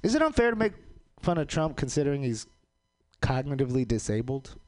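A man doing a stand-up comedy set, delivering deadpan one-liners with sudden jumps into a loud, high voice. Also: a little fast, no echo. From Caribbean islands heritage.

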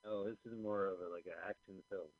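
A man with a lowish voice throws in quick wisecracks as he watches a movie with a friend. The sound is dry and close, with a dull, lo-fi edge. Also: steady tone, no echo. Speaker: podcast co-host. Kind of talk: casual movie commentary.

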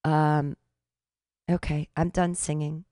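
A woman's voice: low voice, little pitch movement, slow, dark tone, no room sound, clean studio sound. A young woman hosting a radio show who sings her own comic songs without accompaniment and chats with laughs and fillers. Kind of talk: casual a cappella singing and chat.

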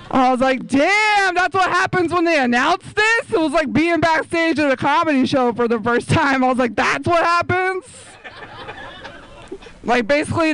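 A woman's voice: sits high, dry recording, rough recording. A woman doing a stand-up comedy set, chatty, laughing often and talking straight to the crowd.

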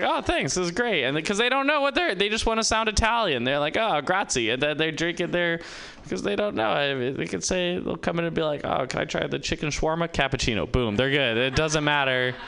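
A man's voice: medium pitch, vocal fry, bright, forceful tone, a little hiss or hum. A man doing a rambling, self-mocking stand-up comedy set, acting out little quotes, at an open-mic venue.

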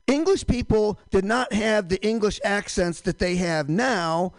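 A man's voice: high-pitched, a little slow, gravelly, dry recording, low-quality recording. A man hosting a stand-up comedy show in a small room, rambling and profane, often cutting himself off. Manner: rambling, self-interrupting, profane.

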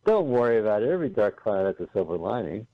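Wisecracking low-voiced man, dull dry sound. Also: big pitch swings, quick pace. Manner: joking, wisecracking, swears casually. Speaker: podcast co-host. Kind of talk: casual movie-watching commentary.

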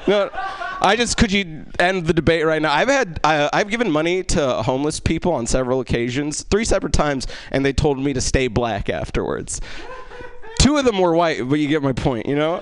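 A man doing a stand-up comedy set in a small club, self-deprecating with deadpan asides and lots of fillers. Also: fairly high pitch, brisk, slight background noise. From Egypt.

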